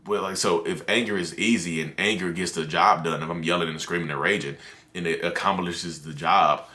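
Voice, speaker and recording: Talk straight into the camera as a man with a very low but bright, forceful voice. Keep it loose and conversational, with plenty of fillers and restarts. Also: steady tone, brisk. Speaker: mental health content creator.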